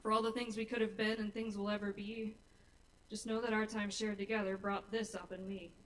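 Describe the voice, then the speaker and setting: A woman's voice: medium pitch, little pitch movement, a little fast. A young woman performing her own rhyming spoken-word poetry at an open mic in a small bar, earnest and openly nervous. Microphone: stage mic. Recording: live room mic, somewhat distant, faint noise.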